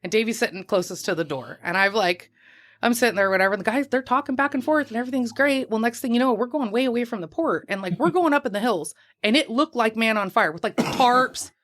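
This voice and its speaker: A woman spins a lively, profanity-laced anecdote as a podcast guest. She talks in a loose, casual storytelling way, recorded in a small office crowded with people. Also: a little high, quick pace.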